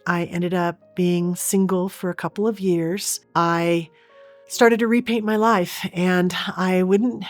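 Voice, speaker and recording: A woman's voice: on the low side, fairly even intonation, slow pace, faint music behind. A woman guest in an interview, earnestly and vividly retelling a personal experience.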